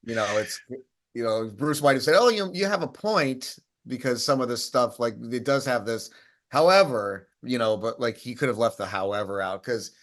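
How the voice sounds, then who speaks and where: A man's voice: mid-range voice, normal speed, a bit bright. A man co-hosting a casual chat, telling stories in a rambling way with many restarts. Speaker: co-host.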